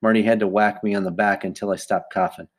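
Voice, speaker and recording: A man's voice: on the low side, steady tone, fast. Male audiobook narrator, plain first-person storytelling. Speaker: audiobook reader.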